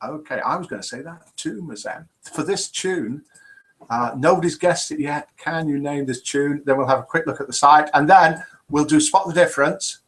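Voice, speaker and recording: A man's voice: fairly high pitch, moderate pace, fairly bright tone. A man hosting a live interactive broadcast, chatting casually and talking through technical problems as they happen. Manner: chatty, talks through technical glitches as he goes. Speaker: host of a live interactive show. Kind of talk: casual live-stream chat.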